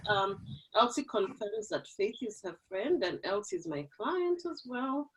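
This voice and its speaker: A woman's voice: medium pitch, sing-song, unhurried, poor audio. A woman hosting an online women's forum over a video call, chatty and laughing often. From Kenya. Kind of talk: casual chat on a video call.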